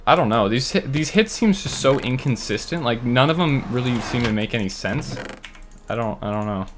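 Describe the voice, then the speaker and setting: A man giving running commentary on his own gameplay, muttering to himself and breaking into loud, frustrated outbursts. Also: mid-range voice, slight background noise. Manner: talks to himself while playing. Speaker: gaming channel host.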